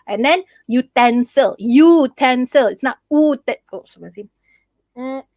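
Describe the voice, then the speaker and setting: Young malaysian lady teaching english online, high voice, super dry close mic. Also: normal speed, a little mellow, no echo. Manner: chatty, often checks in with "okay?". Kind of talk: live online lesson, mixing English with Malay.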